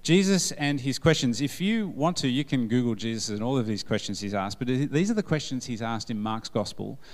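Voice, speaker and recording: Brief: male preacher, mid-pitched voice, humorous, quizzes his congregation. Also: lively intonation, fairly quick, long reverb tail. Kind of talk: sermon. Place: church service.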